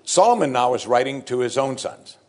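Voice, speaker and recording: A man's voice: mid-range voice, lively intonation, fairly quick, darkish tone. A man preaching a sermon as pastor, emphatic, repeating key phrases with strong stress.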